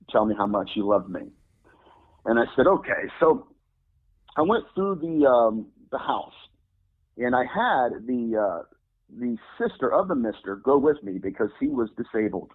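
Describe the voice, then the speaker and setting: A man's voice: medium pitch, slightly rough. A man, a religious demonologist, earnestly telling a personal story as a guest in an interview, often quoting himself. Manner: earnest, recounts events and quotes himself. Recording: phone-like narrow sound.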